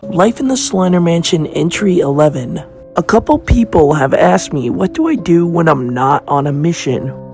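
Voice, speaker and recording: A gravelly, high-pitched young male killer, as a man plays him, logging a diary entry in a character role-play vlog. He talks in a dry, offhand way and makes flat jokes about his own life. It sounds like a phone selfie video. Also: normal speed, soft background music.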